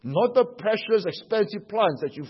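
A man's voice: high voice, lively intonation, normal speed, breathy edge, dull audio. A male preacher giving an emphatic sermon, explaining scripture with rhetorical questions.

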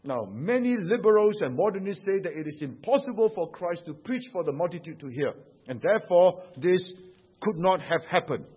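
High-voiced husky male preacher. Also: animated, normal speed, dull audio. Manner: emphatic, explains scripture with rhetorical questions. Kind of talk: sermon.

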